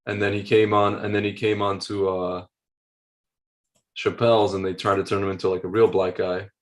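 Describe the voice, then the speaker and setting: A man's voice: lowish voice, little pitch movement, moderate pace. A man co-hosting a podcast in casual chat, rambling with lots of slang. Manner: rambling, full of slang and restarts. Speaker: podcast co-host.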